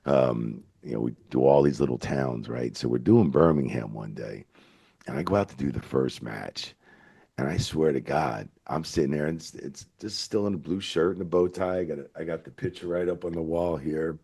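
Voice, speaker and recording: A man in his fifties, a veteran referee, telling rambling, animated stories with plenty of swearing in a casual interview. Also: extremely low pitch, normal speed, gravelly, breathy edge. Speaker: veteran wrestling referee, guest.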